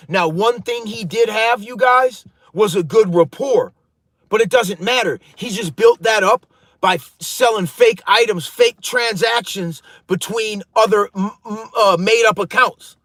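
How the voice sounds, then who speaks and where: A man's voice: high voice, fairly bright tone, dry recording. A man in his thirties telling a heated, profane story to his viewers in a casual, rambling way. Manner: profane, heated, addresses viewers as you guys. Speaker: storytelling vlogger.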